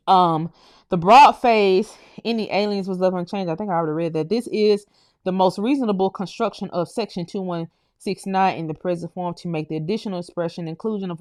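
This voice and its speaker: Woman reading old statutes to her viewers, lowish voice, halting, loses her place sometimes. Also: a little mellow, no echo, clean studio sound. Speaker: channel host. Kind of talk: reading documents aloud with casual commentary.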